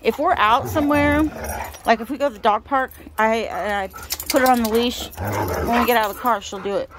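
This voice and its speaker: A middle-aged woman talks casually to her phone camera while out with her dogs, her voice sitting a touch high. She is chatty and relaxed, rambling between thoughts. Faint outdoor hiss sits behind her. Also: moderate pace. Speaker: vlogger. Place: outdoors near a house and woods.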